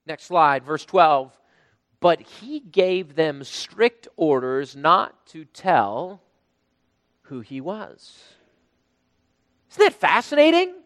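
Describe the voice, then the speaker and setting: A man preaching a sermon, emphatic, rising to loud bursts when he quotes. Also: fairly high pitch, very animated, extremely slow, long pauses, no echo, long reverb tail. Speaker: pastor.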